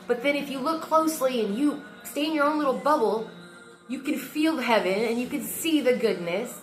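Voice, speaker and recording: A woman's voice: a little high, lively intonation, moderate pace, long pauses, soft background music. A woman venting heatedly into her phone camera, swearing often as she talks. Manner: heated and emotional, frequent swearing. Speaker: vlogger. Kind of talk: casual rant to camera.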